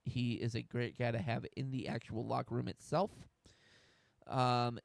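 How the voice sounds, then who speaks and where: A man's voice: mid-range voice, level tone, a little slow, gravelly, no echo, studio quality. A young man from the United States hosting a solo sports talk stream, getting fired up, swearing and restarting his sentences. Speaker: host.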